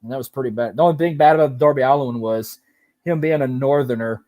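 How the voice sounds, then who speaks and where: A man from Louisiana hosts a podcast chat, rambling and correcting himself as he goes. His voice is dark and mellow. The sound is dry and close. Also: medium pitch, fast, dry recording. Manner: animated, rambling, self-correcting. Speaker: podcast host interviewing. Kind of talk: casual chat.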